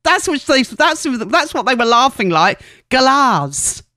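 A woman's voice: high voice, expressive, moderate pace, pushed and bright, no room sound, studio quality. A woman presenting on the radio in a chatty, rambling way, correcting herself and laughing at her own slips.

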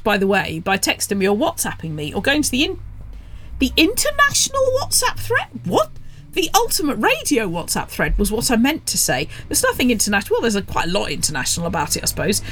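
A woman's voice: medium pitch, a bit bright. A woman from England presenting a radio show, talking in a rambling, chatty way with sarcastic asides. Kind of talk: casual radio monologue.

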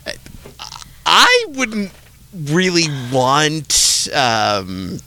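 A man's voice: a little high, wildly swooping pitch, drawn-out words, sharp tone, a little hiss or hum. A man hosting a casual chat who tells funny stories and laughs often. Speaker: podcast co-host.

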